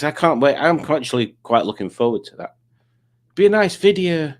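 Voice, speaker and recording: Guy running a quiz stream, rambly and chatty, reads chat out loud. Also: a little high, big pitch swings, moderate pace. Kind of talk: casual live-stream chat.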